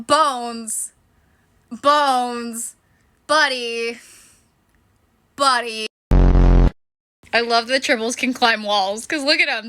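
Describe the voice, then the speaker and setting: A woman giving casual reaction commentary, chatty and sarcastic, who swears and laughs often. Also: high-pitched. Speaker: reaction video creator. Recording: noticeable background noise.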